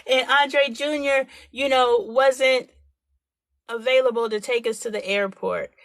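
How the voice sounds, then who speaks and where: In a dry recording, a woman in her forties speaks a little slowly in a voice on the high side. She's hosting a live stream, talking frankly and with animation while acting out quoted voices.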